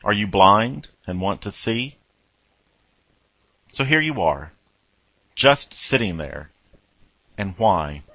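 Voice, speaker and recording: A man delivering a reflective sermon at a very slow, deliberate pace, leaning on long pauses between phrases. His voice sits on the lower side and is recorded dry and close, with no room sound around it. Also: expressive, sharp tone, no room sound, poor audio. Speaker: preacher. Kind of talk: reflective sermon in guided second-person imagery.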